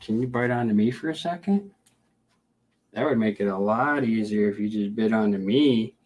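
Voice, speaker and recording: A man's voice: lowish voice, normal speed, a little mellow. A middle-aged man from the Upper Midwest who breeds reptiles and hosts his own channel. He talks casually in a vlog, chats to his snakes as he handles them and laughs often.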